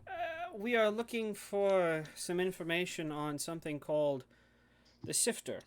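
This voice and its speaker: Man player, easygoing, slightly high voice. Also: expressive, measured pace, clean tone. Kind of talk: casual tabletop game chat.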